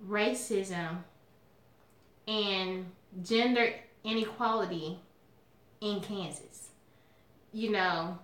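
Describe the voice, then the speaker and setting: A woman from Alabama with a Southern accent, chatting casually and sassily to her viewers in a vlog. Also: medium pitch. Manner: chatty, sassy, animated, calls viewers y'all. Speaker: mukbang vlogger. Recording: echoey room.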